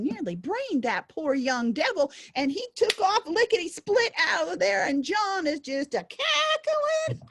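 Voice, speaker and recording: A woman storyteller telling a folk tale in a playful, animated way. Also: high-pitched.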